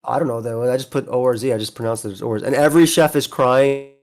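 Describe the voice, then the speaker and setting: A man's voice: medium pitch, quick pace. A man on a podcast, retelling a scene in eager detail with lots of restarts. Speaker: podcast host. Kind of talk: casual chat.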